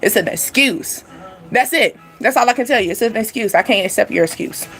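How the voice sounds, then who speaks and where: Lively chatty woman. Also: a little high, a little fast, soft background music. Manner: animated, chatty, laughs often, addresses viewers directly. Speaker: tarot reader. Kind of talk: livestream card reading.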